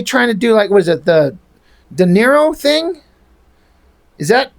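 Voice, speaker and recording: A man's voice: sits high, very animated, normal speed. A man reviewing a comic book in casual talk, rambling, exasperated and swearing freely.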